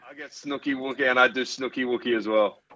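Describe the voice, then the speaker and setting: A man's voice: medium pitch, fairly even intonation, fast talker, pushed and bright, dull audio. Clowning, boastful man. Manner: boastful, clowning, over the top. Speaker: caller, comedian. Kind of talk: casual phone chat.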